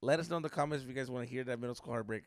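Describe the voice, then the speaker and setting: A man's voice: medium pitch, racing, dry recording, studio quality. A young man co-hosting a podcast, telling a story in casual chat, swearing freely and dropping Spanish slang. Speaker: podcast co-host.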